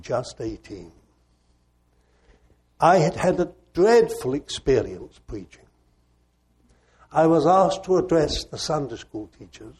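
An older man, a preacher, telling a personal story in a reflective, gently self-mocking way. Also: a little high, husky. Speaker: preacher and former missionary.

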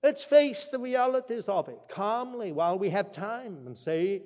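A man preaching a sermon, earnest and emphatic, swinging between loud declarations and quiet asides. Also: high-pitched, lively intonation, measured pace, hardly any pauses. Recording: long reverb from a large hall.

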